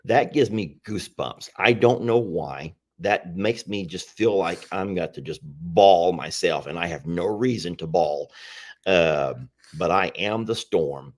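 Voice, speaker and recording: A man's voice: deep voice, measured pace. A man hosting a casual livestream chat about his animal sanctuary, talking in a rambling, repetitive way. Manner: rambling, chatty, repeats himself.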